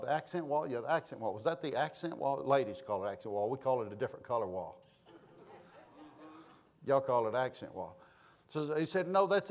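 A man, a pastor telling a folksy, animated story from the pulpit and acting out the exchanges. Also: medium pitch. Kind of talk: sermon storytelling.

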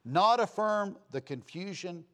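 A man preaching a sermon with passion, swinging between loud declarations and soft asides and posing rhetorical questions to his listeners. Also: high voice, expressive, a little slow.

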